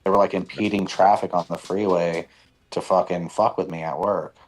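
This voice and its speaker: Brief: man, very low voice, casual profane chat, animated storyteller. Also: moderate pace, poor audio. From Nevada, USA.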